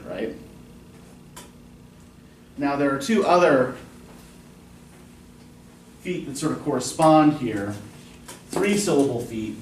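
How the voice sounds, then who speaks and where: A man's voice: mid-range voice, a little mellow. A man teaching a college poetry class, explaining patiently and often asking the students questions. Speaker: college English instructor. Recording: roomy classroom from a distance with faint noise.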